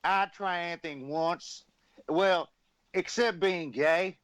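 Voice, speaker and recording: A man's voice: high-pitched, slow, a bit bright, no room sound, voice pushed up. A man doing an impression of a brash older male wrestler who drawls and brags crudely. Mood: boastful.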